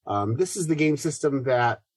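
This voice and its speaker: A man hosting a gaming podcast, chatting in a brisk, friendly way. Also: mid-range voice, lively intonation, dry recording. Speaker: podcast host. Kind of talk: casual chat.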